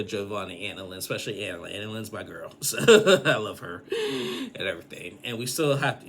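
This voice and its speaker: A man's voice: on the low side, a bit bright, slightly rough. A man giving a casual, rambling episode recap, full of fillers and restarts. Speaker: recap vlogger.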